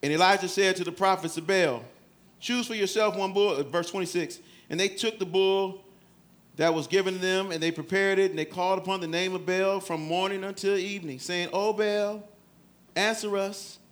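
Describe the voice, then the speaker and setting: A man preaching a sermon, swinging from loud, dramatic calls to quiet, low scripture reading. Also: fairly even intonation, brisk.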